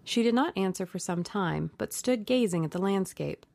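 A woman narrating a classic novel in a measured, even audiobook reading. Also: medium pitch, gravelly.

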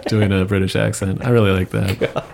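A man co-hosting a casual podcast chat, telling stories in a relaxed, drawn-out way and swearing casually. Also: fairly low pitch, vocal fry, noisy background. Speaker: podcast co-host.

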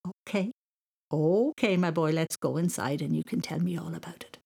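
A woman voicing a kind, playful father in a storybook reading, teasing gently. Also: lowish voice, animated, moderate pace.

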